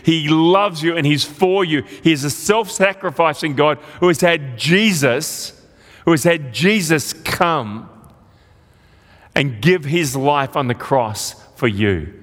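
A man preaching a sermon, his voice pitched high and ringing with long reverb in a big hall. He tells the story with animated energy and slips into the characters' voices. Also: slow. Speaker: pastor.

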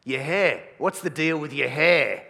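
A man's voice: fairly high pitch, expressive, a little slow, vocal fry, bright, forceful tone, in a large hall, heavily acted. A man putting on a nosy, blunt older guy. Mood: prying. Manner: blunt, repeating questions.

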